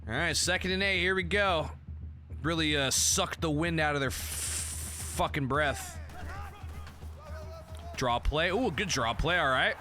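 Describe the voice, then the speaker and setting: A young man streaming a football video game, commentating the plays in a casual, excitable and profane way, often breaking into shouts. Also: a little high, unhurried, long pauses, faint music behind.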